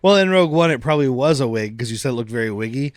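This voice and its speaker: Podcast co-host, male, mid-pitched, dry close sound, animated storyteller. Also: no room sound. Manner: animated retelling with quick quoted voices, laughs often. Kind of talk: casual chat.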